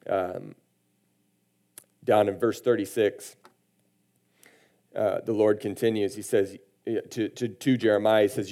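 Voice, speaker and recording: A man's voice: fairly low pitch, darkish tone. A man preaching a sermon, reading scripture aloud with emphasis and then commenting on it in a conversational way. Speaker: pastor.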